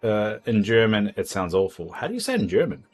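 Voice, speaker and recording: Low-voiced rambling New man. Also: sing-song, a little fast, breathy edge. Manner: rambling, chatty, stumbles and repeats words. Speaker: streamer. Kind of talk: casual livestream chat. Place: home, indoors.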